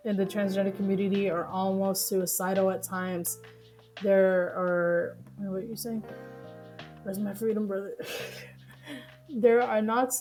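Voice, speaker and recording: A woman's voice: medium pitch, warm tone. A woman streamer reacting to news stories live, ranting heatedly with lots of swearing and laughter, over choppy stream audio.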